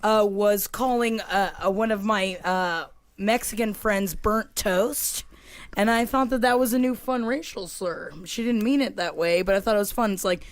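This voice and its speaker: A man co-hosting a comedy podcast, talking haltingly with many fillers and restarts. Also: high voice, no echo. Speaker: podcast co-host. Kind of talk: casual comedy banter.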